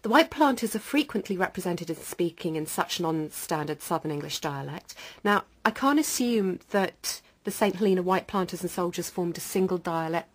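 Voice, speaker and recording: Lower-voiced woman giving an academic lecture. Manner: measured, with occasional fillers. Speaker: academic presenting a conference paper.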